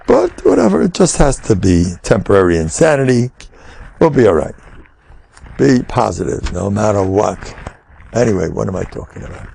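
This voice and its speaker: A man's voice: fairly low pitch, vocal fry, slight background noise. An older man, a rabbi, giving a humorous Torah lecture, joking and acting out dialogues as he goes. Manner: animated, joking, acts out dialogues.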